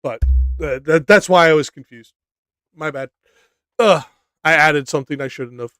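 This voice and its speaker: A man's voice: fairly high pitch, normal speed, fairly bright tone, no echo, soft background music. A man co-hosting a casual discussion, blunt and profane, laughing often. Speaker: co-host of a study stream.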